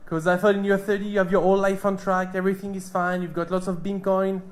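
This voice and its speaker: A man in his thirties from France with a French accent, performing a stand-up comedy set with a deadpan, hesitant delivery on a club stage. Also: high-pitched, fast talker. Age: 30s.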